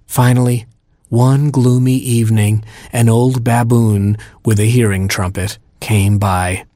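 A man's voice: medium pitch, steady tone, takes it slowly, mellow, no echo, clean studio sound. Man reading a storybook aloud. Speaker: narrator.

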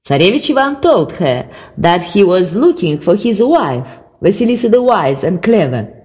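Slow, lively-pitched fairy tale narration, echoey hall. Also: muffled recording. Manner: slow expressive storytelling. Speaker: storyteller.

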